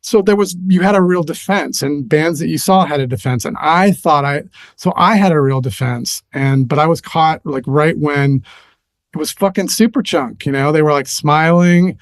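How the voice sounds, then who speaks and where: A man's voice: on the high side, moderate pace, no room sound. A middle-aged man telling stories in a casual chat as a podcast guest, rambling and restarting often, livening up as he recalls things.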